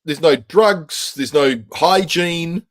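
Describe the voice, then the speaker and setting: A man's voice: a little high, slow pace. An Australian man co-hosting a casual chat, bantering in a wry, easygoing way. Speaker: podcast co-host.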